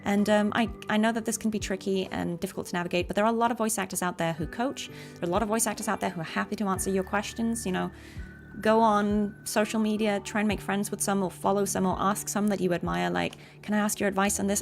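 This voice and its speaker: A woman's voice: medium pitch, fairly even intonation, fast talker, vocal fry, soft background music. A woman, a voice actor and streamer, chatting casually while gaming and giving earnest advice with frequent ums.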